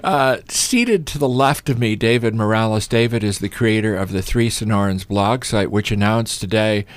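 Low-voiced man hosting a radio talk show. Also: normal speed, dry recording. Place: radio studio.

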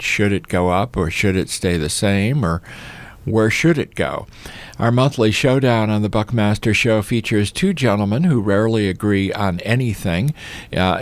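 A man hosting a live radio talk show from a studio, chatting in a relaxed, folksy way. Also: on the low side.

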